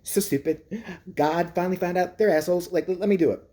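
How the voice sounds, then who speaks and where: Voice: medium pitch, brisk, warm tone. A vlogger ranting crudely and mockingly, swearing often in a comedic monologue. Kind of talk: profane comedic rant.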